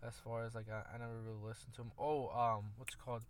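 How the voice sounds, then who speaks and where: A man's voice: medium pitch, little pitch movement, fast, slight background noise. A man co-hosting a casual podcast, talking loosely with slang and "man" at the ends of his sentences. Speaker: podcast co-host.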